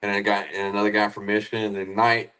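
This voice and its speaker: A man's voice: fairly low pitch, level tone, quick pace, pushed and bright, clear, resonant tone. A man from Tennessee in casual chat, joking and swearing freely.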